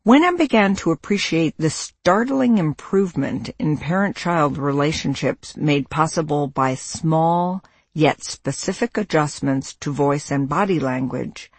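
Slow, gravelly audiobook narrator. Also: mid-range voice, no room sound. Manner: measured, instructive reading. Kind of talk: scripted nonfiction narration.

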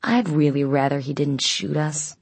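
A woman's voice: low voice, moderate pace, a little mellow, slightly rough, no room sound. A woman voicing a nervous young man who mutters under his breath. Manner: muttered, wry.

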